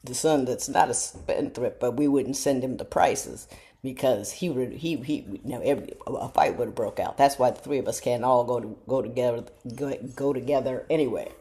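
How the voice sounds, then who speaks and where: A middle-aged woman, telling casual stories to her viewers in a chatty, self-mocking way and jumping into high voices when she quotes people. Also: moderate pace, warm tone. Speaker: show host talking to viewers. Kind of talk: casual storytelling monologue.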